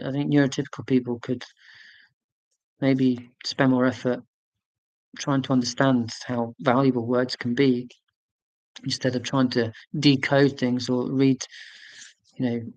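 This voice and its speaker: A man's voice: medium pitch, fairly even intonation, moderate pace, no echo, dull audio. A man in his forties hosting a casual live stream. He rambles chattily, answering viewer comments with fillers and self-corrections. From United Kingdom.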